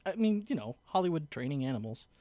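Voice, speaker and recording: A man hosting a podcast in casual chat, easygoing and halting, stopping to restart often. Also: on the high side, sing-song, dark tone. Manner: easygoing, halting, many fillers. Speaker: podcast host.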